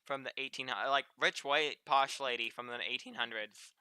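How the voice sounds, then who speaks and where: A man streaming a game, chatting casually and thinking out loud in a rambling way. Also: medium pitch, moderate pace, clear, resonant tone, no echo. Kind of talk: casual gaming chat.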